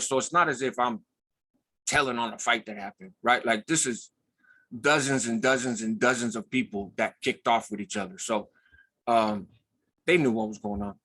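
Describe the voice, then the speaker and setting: A man's voice: mid-range voice, pushed and bright, breathy edge. A man hosting his own channel, telling a story in a casual, blunt way, often checking in with "right?" and swearing freely. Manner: loose, conversational, tags lines with "right?". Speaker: host.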